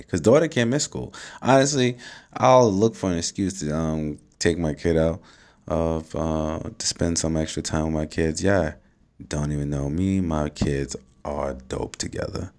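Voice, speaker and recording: A man's voice: very deep voice, a little slow. A man, a father, talking casually to camera, telling stories with swearing and frequent laughs. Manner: animated storytelling, swearing, laughs often. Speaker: vlogger, father.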